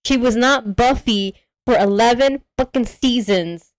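A woman co-hosting a podcast, recapping a horror movie in an animated, profane way and acting out the characters' lines. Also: a little high, unhurried, no room sound. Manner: animated storyteller, acts out characters, swears freely. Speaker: podcast co-host. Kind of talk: casual movie recap chat.

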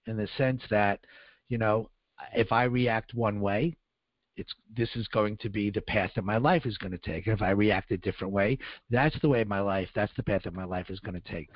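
A man's voice: lowish voice, dry recording. A man in his sixties, an interview guest telling a personal story in a rambling way with many fillers. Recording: dull dry lo-fi sound.

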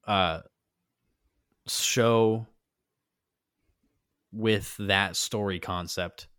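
A man co-hosting a casual fan podcast, easygoing and chatty, quick to agree. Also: lowish voice, fairly even intonation, fairly bright tone, clear, resonant tone, no echo, studio quality. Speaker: podcast co-host.

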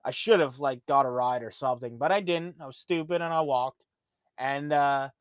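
Here the Ontario podcast host sounds medium-pitched, clear and resonant, moving at a moderate pace. The recording is dry and studio quality as he wanders through casual, profane stories in a laid-back monologue.

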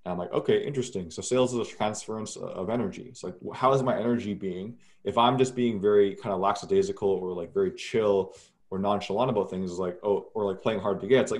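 A relaxed man with a somewhat low voice answers as a guest in a casual interview. He talks in loose, unhurried runs, full of fillers and restarts.

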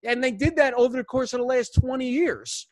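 A man hosting a sports podcast, chatting casually in an animated, rambling way full of restarts. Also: very high-pitched, brisk, dry recording. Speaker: podcast host.

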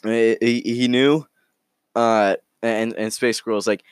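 A man casually telling an improvised story in a rambling, halting way, full of restarts. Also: medium pitch, flat delivery, clear, resonant tone, dry recording, studio quality. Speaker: storyteller, podcast host.

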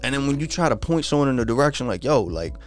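A man's voice: medium pitch, very fast, soft background music. A man hosting a podcast, ranting in a casual, profane and frustrated monologue.

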